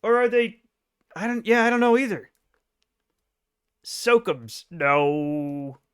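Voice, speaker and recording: A high-pitched man in middle age, joking and swearing freely as he chats with his live audience. He is from the United States and keeps breaking into laughs. His delivery is loose and conversational. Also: lively intonation, takes it slowly, fairly bright tone, clear, resonant tone. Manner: joking, profane, bursts into laughter. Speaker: streamer. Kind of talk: casual chat with live viewers.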